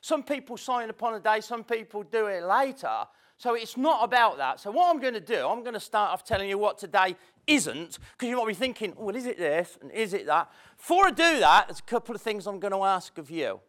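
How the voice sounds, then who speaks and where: A man's voice: sits high, very animated, brisk, a bit bright. A man giving a chatty, self-mocking motivational talk to a live audience, with spontaneous storytelling. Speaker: motivational speaker. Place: seminar room with audience. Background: audience laughter.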